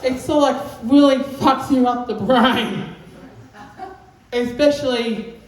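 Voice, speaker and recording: A man's voice: extremely high pitch, fairly even intonation, takes it slowly. Australische man, stand-up comedian, grof en rommelig, heel galmende zaal, licht geruis. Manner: crude, rambling, mimics sounds. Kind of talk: open mic stand-up set. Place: comedy room on stage. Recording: very echoey room, faint background noise.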